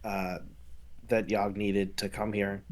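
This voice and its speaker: A man voicing a huge, simple-minded young male hatchling who talks about himself in the third person, slow and halting. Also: lowish voice, flat delivery. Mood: earnest. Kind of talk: tabletop role-play.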